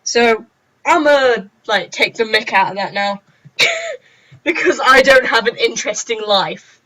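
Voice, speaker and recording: A woman's voice: fairly high pitch, measured pace, bright, forceful tone. A young woman chatting in a rambling, giggly, self-mocking way on a casual story-time vlog. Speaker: vlogger. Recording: dull lo-fi recording.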